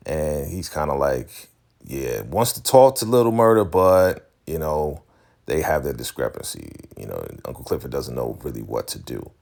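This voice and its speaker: A man casually recapping a TV episode, animated, loosely acting out the characters' lines and laughing often. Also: very deep voice, normal speed, gravelly. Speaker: recap vlogger.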